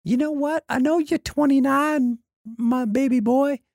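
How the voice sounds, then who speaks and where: A man voicing a mother who nags her adult son for grandchildren in a high falsetto. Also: steady tone, a little slow, creaky, darkish tone, no room sound, clean studio sound, heavily acted. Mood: nagging.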